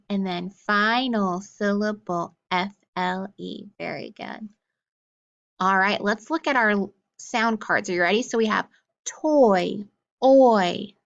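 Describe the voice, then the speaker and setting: Slow, deliberate woman teaching phonics. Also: medium pitch, fairly bright tone, muffled recording. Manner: slow, deliberate letter-by-letter recitation. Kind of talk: phonics drill lesson.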